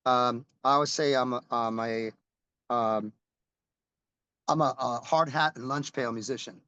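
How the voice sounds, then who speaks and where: A man's voice: mid-range voice, steady tone, measured pace, bright, forceful tone, clean tone, no room sound, lo-fi sound. A middle-aged man, a rock musician, telling stories in a casual interview, rambling and restarting as he goes and swearing casually.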